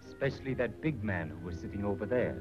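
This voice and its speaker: An actor playing a watchful man who speaks in measured proverbs and clipped broken English in a 1930s film. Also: on the low side, animated, over music, natural voice. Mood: calm. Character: watchful, aphorism-spouting male observer. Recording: muffled old 1930s film soundtrack.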